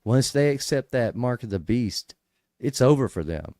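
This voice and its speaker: A man's voice: mid-range voice, animated, normal speed, warm tone, dry recording, studio quality. A man hosting a casual Bible study show, explaining verses in a conversational way, with frequent restarts and sudden emphatic bursts.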